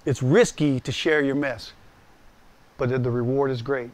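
Animated storytelling pastor, a man. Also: mid-range voice, moderate pace. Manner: animated storytelling, acting out quoted voices; direct and conversational with listeners. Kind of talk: personal testimony sermon.

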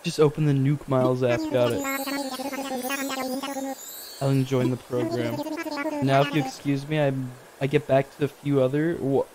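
A young man streaming a video game live, reading the on-screen text aloud and breaking into excited, high exclamations. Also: normal speed, pauses often, over a noisy crowd.

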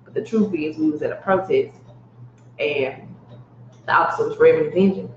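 A woman's voice: deep voice, normal speed. A woman, telling her story on a casual podcast and acting out the voices of the people she quotes. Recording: roomy, dull lo-fi sound with faint noise.

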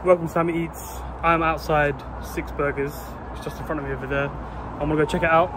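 A young man with a slightly high voice talks eagerly to camera about his food. He is chatty and excitable, with mild swearing. Steady background noise and car sounds run under the recording. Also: fairly quick. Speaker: food vlogger. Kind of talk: casual food review vlog.

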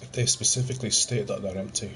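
Speaking quickly in a fairly low, slightly bright voice with fairly even intonation, a young man chats while playing games online with friends. He jokes, swears and sighs often, and the gaming-headset recording is noisy game capture.

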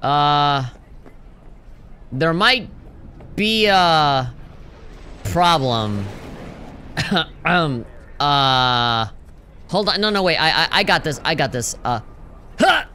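A man riffs on a game stream, laughing and cursing as he plays. His voice is bright and sits a little high. A faint hiss runs under the recording. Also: expressive, very slow, long pauses. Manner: laughing, swearing, joking reactions. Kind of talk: casual gameplay commentary.

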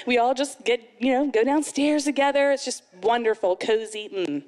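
Woman in her thirties doing live stand-up; lively delivery, pitched a little high, slips into high put-on voices. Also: moderate pace, few pauses, long reverb tail. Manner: animated, acts out characters with sudden high put-on voices. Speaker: stand-up comedian. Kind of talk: stand-up comedy set. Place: live comedy event venue.

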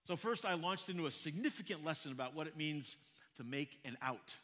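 A male pastor telling a story in a sermon, animated and often repeating his first words. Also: on the high side, a little fast. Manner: animated, repeats words when starting sentences. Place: church. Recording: echoey church hall.

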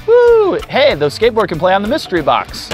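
A man hosting a children's educational show, talking to young viewers in an excited, exaggerated way. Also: high voice, quick pace, over music. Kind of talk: upbeat kids' educational presenting.

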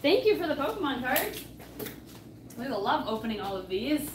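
Excitable woman in an echoey room. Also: sits high, moderate pace, distant mic, background noise. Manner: chatty and excitable. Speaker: co-host. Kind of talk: casual chat opening fan mail.

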